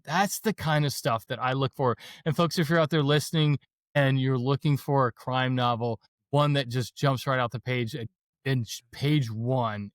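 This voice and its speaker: An enthusiastic man hosting a casual podcast interview, chatting easily and calling everyone dude and folks. His voice sits at a middling pitch and comes through a dry, close studio mic with no room sound. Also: smooth, no room sound. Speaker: podcast host.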